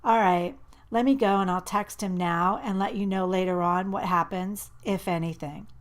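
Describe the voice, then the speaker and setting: A woman reading an audiobook, voicing an eager, chatty teenage girl who talks with excited, rising emphasis. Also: medium pitch, moderate pace, lightly acted.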